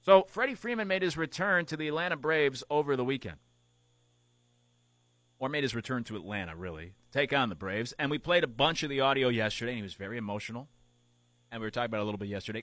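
A man's voice: mid-range voice, expressive, fast, sharp tone, no echo. A man talks sports on air in an easy, conversational flow, turning ideas over as he goes. His voice sits in a middle range and is recorded close and dry, with no room around it. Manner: conversational, musing aloud with relationship analogies. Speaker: sports radio host. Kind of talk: casual sports talk commentary.

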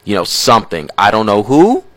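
A man's voice: on the low side, wildly swooping pitch, a little fast, no echo. A man co-hosting a sports talk show, chatting in a playful, teasing way and laughing easily. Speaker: sports radio co-host. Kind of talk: casual sports talk chat.

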